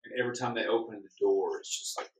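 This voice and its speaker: A man's voice: on the low side, fast. A man in frank, joking casual chat, recalling a climb with a friend. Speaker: host recounting a climb. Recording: roomy, distant mic.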